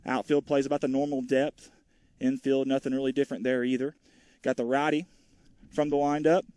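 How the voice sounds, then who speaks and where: A man's voice: medium pitch, level tone, brisk, warm tone, no room sound. Folksy man calling a ball game. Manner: chatty, joking, rambling asides to viewers. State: out of breath. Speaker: play-by-play commentator. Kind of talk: folksy live baseball commentary. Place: outdoors at a small-town ballfield.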